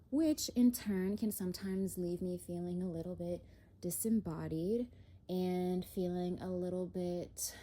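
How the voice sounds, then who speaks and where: A young woman doing a casual spiritual chat as an oracle card reader, slightly out of breath, airy and unhurried, with soft laughs. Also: lowish voice. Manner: slow, airy, lots of "if you will" and soft laughs. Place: home, indoors.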